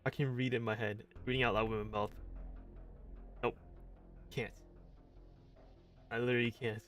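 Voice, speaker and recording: A man's voice: medium pitch, little pitch movement, moderate pace, a bit bright, soft background music. A man streaming a video game, chatting casually and mocking himself while he stumbles through reading its dialogue aloud. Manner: casual, self-mocking, stumbles over lines. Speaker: gaming streamer.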